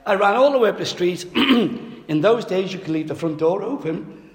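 Preacher in an echoey hall. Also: male voice, high-pitched, moderate pace. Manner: lively storytelling, self-mocking humor. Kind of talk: sermon with humorous personal anecdote. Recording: echoey hall with long reverb.

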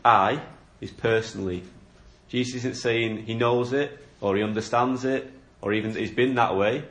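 A man's voice: mid-range voice, steady tone, normal speed, fairly bright tone. A man preaching a sermon, explaining a Bible passage in an earnest, questioning way. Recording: echoey room.

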